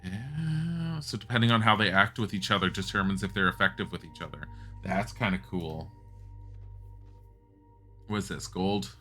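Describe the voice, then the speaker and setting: A man comments on a game as he plays, speaking casually and bluntly and swearing from time to time. His voice sits slightly low but has a bright, sharp edge. Light music plays quietly behind him. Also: normal speed, pauses often. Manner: chatty, blunt, swears, thinks aloud. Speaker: game streamer.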